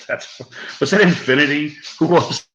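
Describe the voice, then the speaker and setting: Male streamer, bright and chatty, loose and profane, prone to laughter, in a roomy space. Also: fairly high pitch, unhurried, muffled recording. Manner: laughs often, swears freely, rambling. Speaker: live streamer. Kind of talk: casual live-stream chat.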